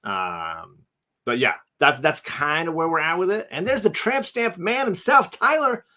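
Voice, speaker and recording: A man's voice: a little high, lively intonation, measured pace, sharp tone. A man hosting a charity livestream in casual chat. He rambles, uses many fillers and thanks donors by name. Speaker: livestream host.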